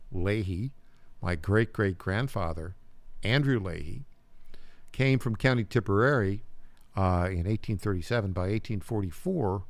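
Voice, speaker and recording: An older man hosts a talk radio show, telling stories in a loose, meandering way with repeated words and small chuckles. His voice sits a little low. The studio sound is dry and close, with no room around it. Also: gravelly, no room sound. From upstate New York. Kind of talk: casual talk radio monologue. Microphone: studio mic.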